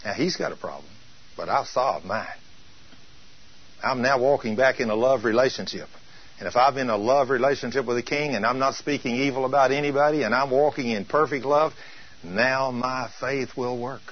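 A male preacher giving an emphatic sermon, drawing out scripture quotes slowly for weight. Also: mid-range voice, slightly rough, dull audio.

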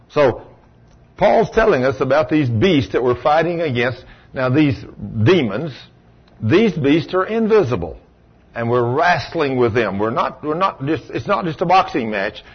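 A man's voice: medium pitch, breathy edge, muffled recording. A man preaching a folksy sermon as pastor, asking his congregation rhetorical questions.

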